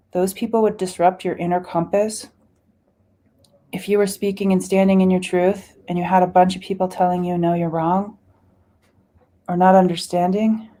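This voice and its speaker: Speaking slowly and soothingly, a woman leads a guided spiritual meditation, with sighs and chanted syllables woven between her words. Her voice is lowish and warm, its intonation fairly even.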